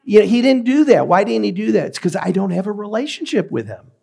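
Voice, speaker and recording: Measured, emphatic male preacher. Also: sits high, big pitch swings, gravelly, a little mellow, breathy edge. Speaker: pastor. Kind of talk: sermon.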